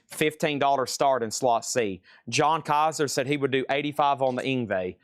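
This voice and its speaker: A man's voice: medium pitch, normal speed, no room sound. A man hosting a live-streamed record sale. He chats and jokes like a salesman while calling out prices and buyers. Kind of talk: live auction sales patter.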